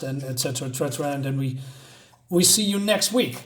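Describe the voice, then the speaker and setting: Halting man reviewing a comic. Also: fairly high pitch, expressive. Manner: halting, many fillers and restarts, reads quotes aloud. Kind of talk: casual spoken review.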